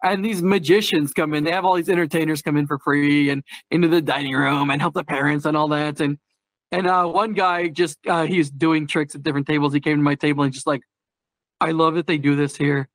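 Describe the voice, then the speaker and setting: A man's voice: a little high, steady tone, a little fast, dry recording. A man chatting casually on a podcast, telling stories in a candid, darkly humorous way, often laughing. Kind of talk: casual chat.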